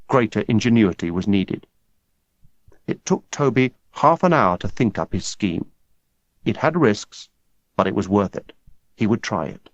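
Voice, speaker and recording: A man narrating an audiobook in a measured, steady storytelling manner. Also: fairly low pitch, no room sound. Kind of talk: scripted narration. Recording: dull lo-fi dry recording.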